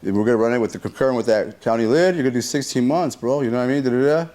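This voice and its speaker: A man's voice: medium pitch, rapid-fire. A man telling a story in a casual interview, using slang and profanity, acting out quoted lines and adding sound effects. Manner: animated retelling that acts out what people said.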